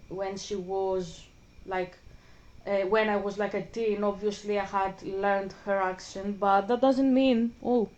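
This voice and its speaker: A woman's voice: mid-range voice, a little mellow, rough recording. Frank, rambling woman. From Greece. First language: Greek. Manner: rambling, frank, swears casually. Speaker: gaming vlogger. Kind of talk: casual chat while playing a video game.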